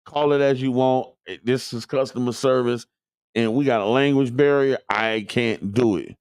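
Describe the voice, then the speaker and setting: A man's voice: medium pitch, normal speed, darkish tone, smooth, no room sound, studio quality. A man from the Tampa Bay area, hosting a community radio show in loose, joking chat aimed straight at listeners. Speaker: radio host. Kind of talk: casual talk radio chat.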